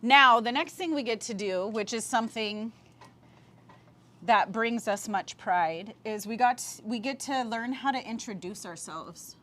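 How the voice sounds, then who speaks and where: A woman teaching a language class, speaking patiently and repeating words slowly for learners, with easy laughs. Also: on the high side, fairly bright tone. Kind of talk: online language lesson.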